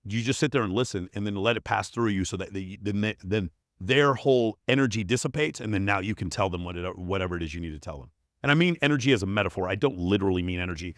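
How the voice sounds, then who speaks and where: A man with a fairly low voice talks as a podcast guest in a dry studio. He is blunt and emphatic, swearing freely as he hammers home his points. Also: lively intonation, quick pace, dry recording. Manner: blunt, profane, emphatic storytelling. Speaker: performance coach, podcast guest. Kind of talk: casual interview chat.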